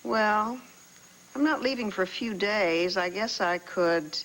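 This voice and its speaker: An actress in a 1980s soap opera playing a hesitant former records keeper who hedges and stalls. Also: female voice, mid-range voice, slow, a bit bright, low-quality recording. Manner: hesitant, hedging.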